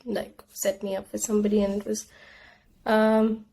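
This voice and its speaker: A woman's voice: mid-range voice, level tone, moderate pace, creaky, dark tone, a little hiss or hum. A young woman guest on a podcast, talking things through in a casual, reflective way and acting out her own inner voice. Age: young adult. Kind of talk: casual conversation.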